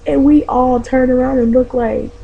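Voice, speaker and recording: A woman's voice: sits high, steady tone, normal speed, vocal fry, phone-quality sound. A woman vlogger telling a story to her viewers in a chatty, profane way, calling them y'all. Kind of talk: casual storytelling vlog.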